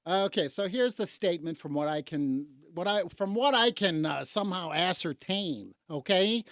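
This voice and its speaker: A woman's voice: animated, moderate pace, dry recording, studio quality. Indignant woman from Chicago ranting on air. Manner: indignant, sarcastic, swings from low mutters to loud outbursts. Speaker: radio talk show host. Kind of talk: opinionated talk radio rant.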